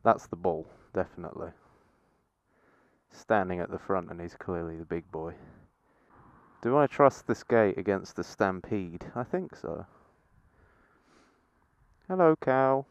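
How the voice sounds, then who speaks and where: Sweary biker on helmet-cam. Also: male voice, deep voice, measured pace, no room sound. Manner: playful, sweary, talks baby-talk to cows. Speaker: motorcycle vlogger. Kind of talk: casual helmet-cam commentary. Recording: dull lo-fi helmet-cam audio.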